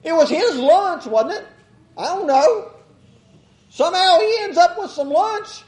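A man with a very high voice preaches a rambling, folksy sermon. He chuckles and slips into little mock quotes as he talks. The sound rings around an echoey room. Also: animated, a little slow, a little mellow.

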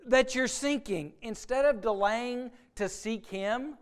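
A man delivering a sermon, earnest and plain-spoken, who stumbles and repeats words as he presses his point. His voice sits high and sounds clear and resonant. He slips into the voices of doubters to make his case. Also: slow. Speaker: preacher.

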